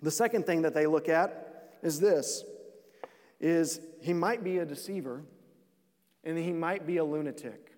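A man's voice: a little high, unhurried, long pauses, a little mellow, long reverb tail. A pastor preaching a sermon, earnest, repeating phrases and restarting lines as he builds his points.

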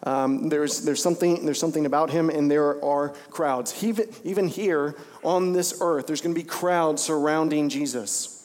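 A pastor preaching a sermon to his congregation in an animated way, acting out lines in different voices. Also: moderate pace, big-room sound. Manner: animated preaching, acts out voices with big pitch jumps. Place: church sanctuary.

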